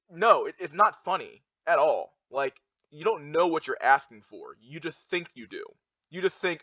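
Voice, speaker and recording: A man's voice: a little high, expressive, moderate pace, a bit bright, no echo. A young man in a heated, rambling rant, full of fillers and restarts. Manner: heated, repetitive, filler-heavy with many restarts. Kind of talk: ranting monologue reacting to charts. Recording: dull lo-fi dry sound.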